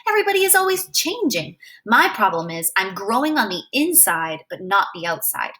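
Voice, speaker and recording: A woman's voice: medium pitch, sing-song, moderate pace, sharp tone. A woman voicing a small, clever, bossy boy who talks in grand, old-fashioned phrases. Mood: wise.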